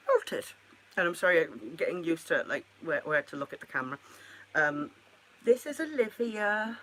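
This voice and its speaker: A woman's voice: low voice, pushed and bright. A woman chatting casually to the camera at home, rambling and making self-mocking asides about her pets. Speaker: pet keeper vlogger.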